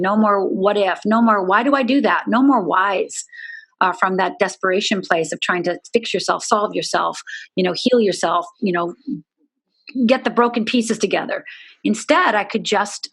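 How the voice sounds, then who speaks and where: A woman's voice: medium pitch, slightly rough. Candid woman telling her story. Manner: earnest, candid, fillers like "you know". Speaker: guest. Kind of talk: personal storytelling in an interview.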